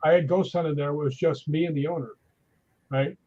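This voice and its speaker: A middle-aged man spins animated stories as a guest in a relaxed chat. His voice is husky and sits a little high for a man. The sound is dull and lo-fi. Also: brisk. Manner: animated anecdotal storyteller. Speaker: guest, stuntman. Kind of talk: casual storytelling in conversation.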